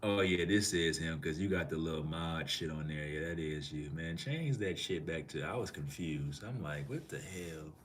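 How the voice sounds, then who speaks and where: Deep-voiced laid-back male streamer from Minneapolis. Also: normal speed, hardly any pauses, slight background noise. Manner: laid-back, slangy, answers chat comments. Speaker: live streamer. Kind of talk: casual live-stream chat.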